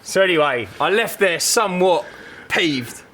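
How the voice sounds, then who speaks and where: A man's voice: medium pitch, fast. A man, co-hosting a podcast and telling a story in casual chat, acting out the voices of the people he quotes. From United Kingdom. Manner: animated, acts out quoted voices. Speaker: podcast co-host.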